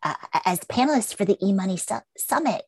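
A woman hosting an interview, effusive and quick to thank her guest. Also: mid-range voice, expressive, slightly rough, no echo. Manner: warm, effusive, thanking often. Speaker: interview host. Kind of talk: interview conversation.

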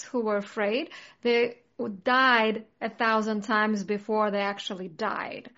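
A woman's voice: on the high side, a bit bright, highs cut off. A woman in casual conversation, talking earnestly and reflectively, with many "like" fillers. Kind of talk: casual chat.

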